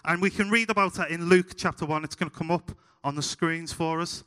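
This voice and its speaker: A young man with a Scouse accent from Liverpool, preaching a sermon told through funny, animated stories. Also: on the high side, fairly quick, clean tone. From Liverpool, England. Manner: humorous, animated anecdotes. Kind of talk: sermon with storytelling. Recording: hall reverb.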